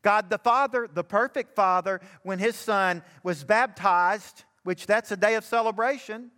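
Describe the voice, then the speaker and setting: A man's voice: high voice, measured pace, sharp tone, long reverb tail. An older man from Alabama, preaching a sermon as pastor and rising to fervent emphasis.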